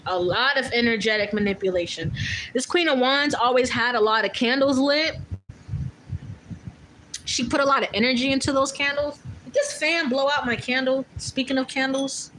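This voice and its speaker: A woman's voice: sits high, normal speed, fairly bright tone, slight background noise, rough recording. A woman doing a casual tarot reading, talking bluntly and loosely, with profanity and many fillers. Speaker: tarot reader.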